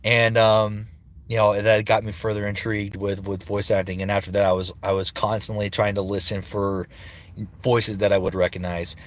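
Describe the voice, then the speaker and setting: A man's voice: on the low side, completely flat delivery, moderate pace. A man in his thirties, a voice actor chatting casually on a livestream, rambling and swearing freely. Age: 30s. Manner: rambling, searching for words.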